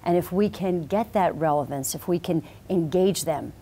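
Low, mellow-voiced female professor. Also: a little hiss or hum. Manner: explanatory, measured, confident. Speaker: business professor, guest. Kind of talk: TV interview. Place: TV studio.

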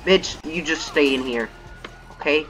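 A young man giving live commentary on a co-op game, excitable and foul-mouthed, yelling at his teammate. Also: on the high side, a little slow, soft background music, rough recording. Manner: excitable, swears a lot, shouts at his teammate. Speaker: gamer playing co-op missions.

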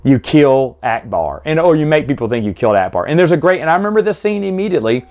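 A man's voice: a little high, very animated, quick pace, a little mellow, highs cut off. Enthusiastic rambling man recapping a book. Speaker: book review host.

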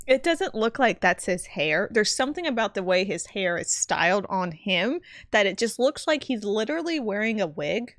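A young woman streams a video game and reacts with animated, profane commentary. Her voice sits a little high and jumps around in pitch. Game music plays clearly behind her. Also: normal speed, hardly any pauses, no room sound. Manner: animated, swearing, often laughing and gasping. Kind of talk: live gameplay commentary.

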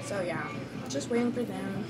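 A woman's voice: mid-range voice, normal speed, loud music behind the voice. A young woman in her late teens chatting casually in a rambling vlog. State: out of breath. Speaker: vlogger.

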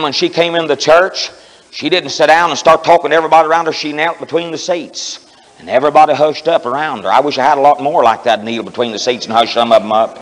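A man preaching a camp meeting sermon, telling stories and rising into fervent shouts, recorded in a tabernacle. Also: fairly high pitch, big-room sound, poor audio. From Ohio.

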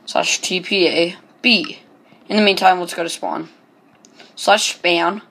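A man's voice: high voice, fairly even intonation, slow pace, gravelly, pushed and bright. A man giving casual gameplay commentary as host of his own channel, hesitant and full of ums, joking as he goes. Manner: hesitant, many ums and restarts; chatty and joking.

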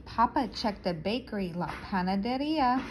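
A woman reading a children's picture book aloud, expressive and stopping to explain words to young listeners. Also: mid-range voice, moderate pace, noisy background. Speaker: storyteller for children.

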